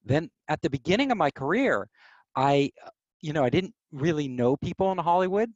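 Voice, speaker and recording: A man telling stories as an interview guest, animated, acting out quoted voices. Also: fairly high pitch, fairly quick, no echo, highs cut off. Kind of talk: casual storytelling.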